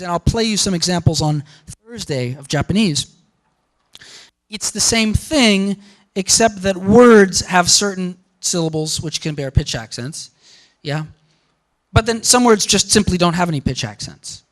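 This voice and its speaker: A man lecturing on linguistics at a university, animated and emphatic, often checking in with "okay?" and "yeah?". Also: high voice, moderate pace. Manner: animated, repeats words for emphasis, asks "okay?" and "yeah?" to the room.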